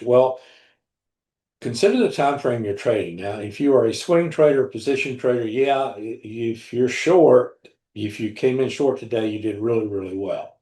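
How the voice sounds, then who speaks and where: A man hosting a live trading room, talking through charts in a deliberate, blunt way and often repeating himself. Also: mid-range voice, lively intonation, dark tone. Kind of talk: live market commentary over charts. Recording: roomy echo.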